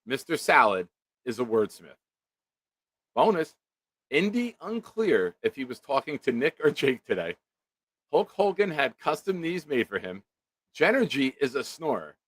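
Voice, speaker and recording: A man's voice: mid-range voice, sing-song, normal speed, fairly bright tone, no echo. A man hosting a casual live-stream chat, joking around and reading viewer comments aloud. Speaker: show host.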